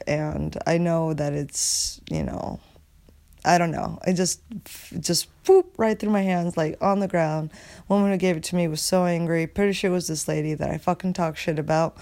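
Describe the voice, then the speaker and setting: A woman with a slightly low voice talks alone into her podcast mic. She rambles in a loose, casual rant, swears freely and packs her sentences with filler words. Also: gravelly, darkish tone. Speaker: podcast host.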